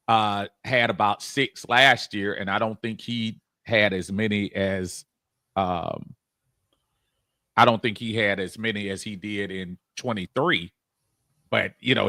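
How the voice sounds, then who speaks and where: A man's voice: fairly low pitch, unhurried, pushed and bright, no echo, clean studio sound. A man co-hosting a casual sports talk show, rambling with many restarts and laughing easily. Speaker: co-host.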